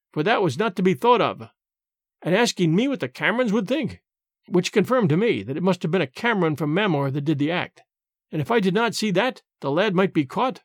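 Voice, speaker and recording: A man narrates a novel in a measured storytelling way. His voice is fairly high with a lively pitch. The recording is dry and close. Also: dry recording. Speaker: audiobook narrator. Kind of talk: reading a novel aloud.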